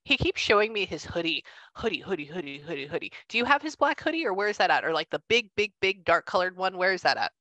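A woman working as a medium, chatting casually and relaying messages in quick bursts, acting out what she is shown. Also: lowish voice, sing-song, bright, forceful tone, no echo. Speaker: psychic medium. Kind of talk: casual reading session.

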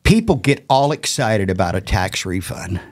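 An older man co-hosting a casual local talk show, speaking with lively, swinging pitch and firm opinions. His voice sounds dry and close, with no room echo. He often cuts in with quick agreement. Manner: animated, opinionated, quick to jump in. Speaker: co-host.

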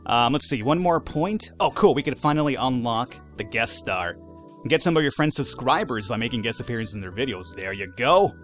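A man giving casual, animated let's-play commentary, swearing, laughing and talking back to the game's characters. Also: medium pitch, fairly quick, soft background music. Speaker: gaming YouTuber.

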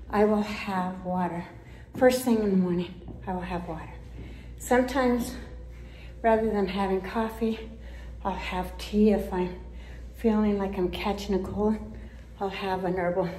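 A woman's voice: medium pitch, darkish tone, echoey room, a little hiss or hum, poor audio. Breathless woman chatting while climbing stairs. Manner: chatty, pauses often, laughs between phrases. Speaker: vlogger. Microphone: handheld camera.

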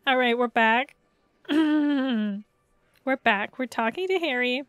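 A woman streamer chatting in a casual, rambling way between bouts of gameplay, laughing often. Her voice sits high and bright, recorded close and dry with no room sound. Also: extremely slow, no echo. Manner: giggly, rambling, playful. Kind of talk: casual live-stream chat.

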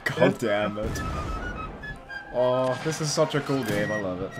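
A young man casually chatting while he plays a multiplayer game, swearing a lot and shouting orders at his teammates. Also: medium pitch, a little slow. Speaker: gamer recording his play. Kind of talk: casual gaming chat with shouted commands. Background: game music and gunfire.

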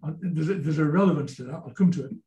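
A man's voice: a little high, very fast, warm tone, echoey room. A man in his seventies with a Yorkshire accent, a folk singer being interviewed, telling rambling anecdotes and often repeating words as he goes. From Yorkshire, England. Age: 70s. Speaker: guest folk singer-songwriter. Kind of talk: casual interview storytelling.

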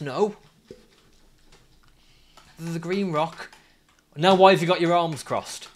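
Guy yelling at a climbing game, swears a lot, slow talker, keys clacking behind him. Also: on the high side. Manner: ranting and swearing at the game, laughing. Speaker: streamer. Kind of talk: live gameplay commentary.

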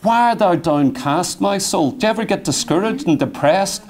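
A man's voice: high-pitched, lively intonation, normal speed, a little mellow. A middle-aged man preaching a sermon, fervent, full of rhetorical questions and arguing aloud with himself.

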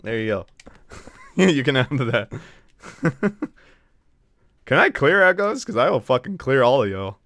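A man's voice: mid-range voice, very animated, unhurried, long pauses, fairly bright tone, no room sound. A man live-streaming a video game, chatting casually and trash-talking his chat with lots of swearing.

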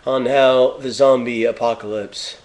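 A man's voice: mid-range voice, steady tone, unhurried, a little mellow. A man rambling casually through the wrap-up of his comedy sketch. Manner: laughing, rambling. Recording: echoey room, distant mic, faint hiss.

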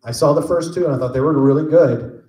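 A man answering fan questions on a convention panel, relaxed and jokey, rambling through stories. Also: a little high, fast. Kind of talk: casual storytelling Q&A. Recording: echoey convention room.

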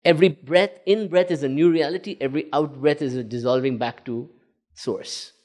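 A man, a spiritual teacher, giving a lively talk and taking questions, laughing and acting out inner voices as he explains. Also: a little high, moderate pace.

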